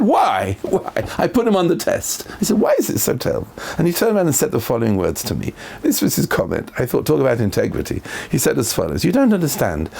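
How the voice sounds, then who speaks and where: Animated, gravelly-voiced rabbi telling stories. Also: male voice. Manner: animated storyteller, acting out quoted voices with big pitch jumps. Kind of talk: Torah lecture with storytelling.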